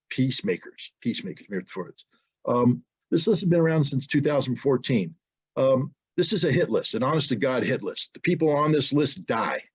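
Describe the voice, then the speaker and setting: American man, husky and fired-up, muffled webinar call audio, pressing rhetorical questions. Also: mid-range voice. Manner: forceful, indignant, rises to loud rhetorical questions. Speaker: webinar guest speaker. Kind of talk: impassioned webinar talk. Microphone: video call.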